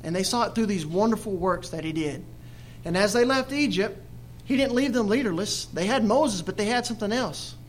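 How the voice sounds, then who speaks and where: Guy with a high voice preaching, reads the verses then asks the folks questions. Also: expressive, a little fast, a little hiss or hum. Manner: reads scripture then explains it with questions to listeners; acts out the Israelites' complaints in quoted voices. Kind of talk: Bible study sermon.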